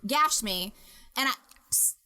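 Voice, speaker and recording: This is a young woman with a bright, ringing voice that sits a little high for a woman. She is hosting a casual podcast and tells her stories in an animated, profane way, breaking into laughter along the way. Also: slow, smooth. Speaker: podcast host. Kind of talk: casual storytelling chat.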